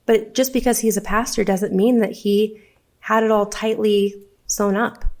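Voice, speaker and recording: A woman's voice: mid-range voice, flat delivery, a little slow, darkish tone. A woman being interviewed as a guest on a podcast, speaking earnestly and with heartfelt conviction.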